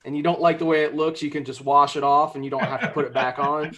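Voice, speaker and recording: Wisecracking higher-voiced man. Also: flat delivery, quick pace, crowd noise. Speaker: podcast co-host. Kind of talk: casual banter.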